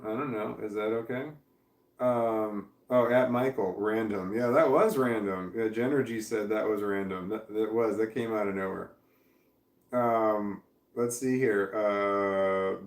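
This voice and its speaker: A man's voice: on the low side, roomy sound, far from the mic. A man chatting casually on a livestream, reading viewer comments aloud, rambling and swearing freely with frequent laughs. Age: adult parent.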